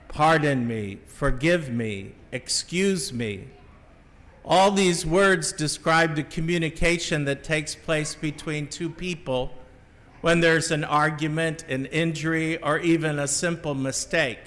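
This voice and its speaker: A middle-aged man from the Midwest preaches a homily in a slow, reflective voice that sits a little high. He tells his story in a measured way and sometimes restarts a phrase. His voice carries the long reverb of a large church. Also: fairly bright tone. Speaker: Catholic priest giving a homily. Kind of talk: sermon.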